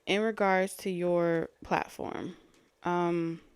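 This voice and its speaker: A woman's voice: lowish voice, fairly even intonation, takes it slowly, clean tone, no room sound. A woman, casually chatting to viewers during a live-stream tarot reading, her breathing audible near the mic. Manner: casual and chatty, talking to viewers between card pulls. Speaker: tarot reader.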